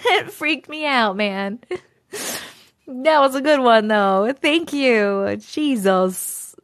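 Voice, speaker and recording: A woman hosts a live stream, chatting casually and swearing freely as she reads viewer stories aloud with loud disbelief. Her voice is on the high side and very slow.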